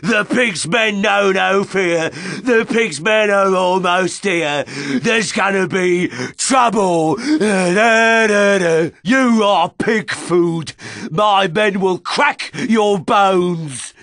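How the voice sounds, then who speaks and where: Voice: medium pitch, very slow, a bit bright, no echo, studio quality. An actor playing a brutish, hot-tempered male pig warlord for a video game, bellowing in broken grammar. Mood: menacing. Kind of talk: video game villain voice acting.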